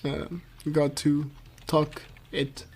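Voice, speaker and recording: A French man, whose first language is French, casts a live card game match in English, chatty and easygoing, laughing easily with lots of fillers and restarts. His voice is a little high, gravelly, husky and slightly mellow, with a completely flat delivery and drawn-out words. It's casual live esports commentary.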